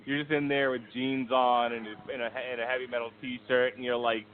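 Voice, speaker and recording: A man's voice: level tone, brisk. A man hosting a casual podcast album review, joking and teasing his co-hosts. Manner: joking, sings in falsetto. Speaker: podcast host. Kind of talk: casual chat. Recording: tinny phone-like sound.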